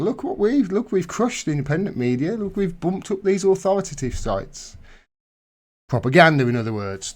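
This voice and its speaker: A man's voice: mid-range voice, darkish tone. A man hosting a casual live stream, chatting in a rambling way and correcting himself as he goes.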